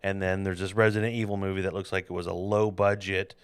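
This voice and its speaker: A man's voice: sits low, little pitch movement, quick pace, clear, resonant tone, dry recording, clean studio sound. A man hosting a podcast in casual, rambling chat, laughing at his own jokes. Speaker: podcast host.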